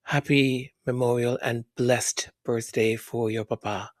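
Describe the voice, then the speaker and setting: Soft-spoken, unhurried man hosting a podcast. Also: mid-range voice, flat delivery, dry recording, clean studio sound. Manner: soft-spoken, halting, often whispering thanks. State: moved, emotional. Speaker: podcast host. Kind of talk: casual chat reading listener comments.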